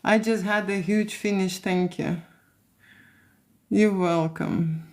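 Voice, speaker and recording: A woman's voice: medium pitch, steady tone, slow, a little mellow. A woman from Lithuania with a Lithuanian accent, a photographer chatting casually on a livestream and reading out comments, with many "okay?" and "you know" fillers.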